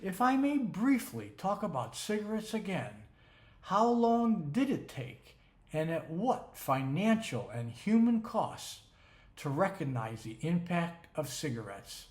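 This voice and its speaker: Give me a man narrating with slow, emphatic rhetoric, a bit high-pitched. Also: very animated. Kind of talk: scripted narration. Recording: roomy echo.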